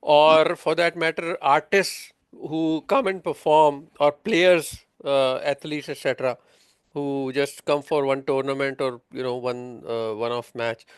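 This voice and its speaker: Male tax tutor, somewhat high, resonant, lots of hesitations. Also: fairly even intonation, a little slow, clean tone, no room sound, clean studio sound. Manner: explains patiently, quizzing students, many fillers. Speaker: tax instructor. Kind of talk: interactive online lesson.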